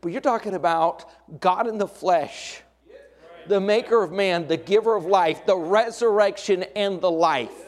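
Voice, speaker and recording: A middle-aged man with a notably high-pitched voice preaches a sermon. He moves between soft, intimate passages and raised, emphatic declarations. Along the way he drops in dry, folksy asides. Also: unhurried. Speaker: pastor.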